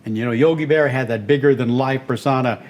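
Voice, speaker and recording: A man in his seventies from Texas, an animated storyteller and voice actor being interviewed on a podcast. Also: medium pitch, fast talker, dull audio. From Texas, United States. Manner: animated, breaks into character voices. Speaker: guest, voice actor and radio host.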